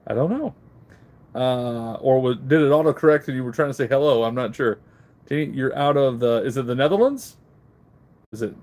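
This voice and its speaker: Hosting a live online auction stream, a middle-aged man with a medium-pitched, darkish voice chats casually, reads viewer comments, and greets people by name. He's using a handheld phone camera, and his mouth is slightly numb after dental work.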